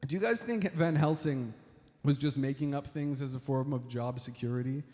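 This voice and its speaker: On stage before a live audience, a man rambles through a stand-up set, using plenty of fillers and calling the crowd "folks." His voice is mid-range at a moderate pace, recorded in a reverberant hall with crowd noise.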